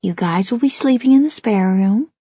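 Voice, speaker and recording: A woman's voice: medium pitch, normal speed, mellow, husky, no echo, muffled recording, close to an everyday voice. A woman reading an audiobook, voicing a hearty, welcoming grandmother as the hostess. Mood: practical.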